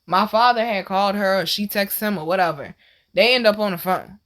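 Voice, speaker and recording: Animated, bright-voiced woman storyteller. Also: mid-range voice, a little fast. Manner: animated, profane, swings to loud exclaims. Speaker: host. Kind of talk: casual storytelling monologue.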